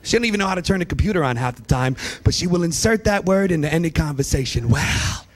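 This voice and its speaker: A man doing stand-up comedy at a church, animated and quick to slip into impressions of his family. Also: a little high. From US East Coast. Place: church hall.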